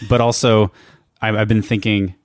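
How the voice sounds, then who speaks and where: A man's voice: on the low side, flat delivery, unhurried, dry recording, studio quality. A man co-hosting a podcast in casual chat, curious and a little wry, often asking follow-up questions. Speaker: podcast co-host.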